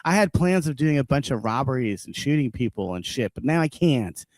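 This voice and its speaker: A man co-hosting a casual podcast, swearing freely as he rants and laughing often. His voice sits at an everyday middle pitch. The sound is close and dry, with no room around it. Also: animated, a little fast, darkish tone, no echo. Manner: profane ranting, laughs often. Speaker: podcast co-host.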